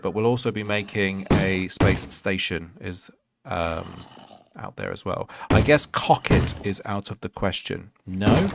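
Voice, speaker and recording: A man in his thirties streaming a block-building game, chatting casually and answering his chat with jokey asides. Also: on the low side. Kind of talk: casual Minecraft livestream chat. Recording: loud background noise.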